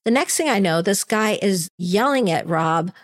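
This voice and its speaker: A woman co-hosting a podcast, telling a story in casual chat and quoting the people in it with animated voices. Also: medium pitch, moderate pace. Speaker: podcast co-host.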